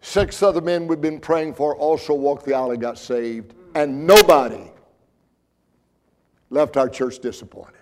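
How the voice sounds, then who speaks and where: A man's voice: fairly high pitch, a little slow. Earnest preacher man. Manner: folksy, earnest, repeats words when excited. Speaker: pastor. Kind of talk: sermon with storytelling.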